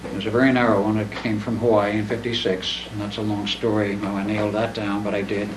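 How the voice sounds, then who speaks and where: An older man tells stories to an audience in a presentation room, his low voice folksy, plain-spoken, and unhurried, with a flat delivery. He mimics other people when quoting them. The mic is far away, so the room echoes around him over a faint hiss.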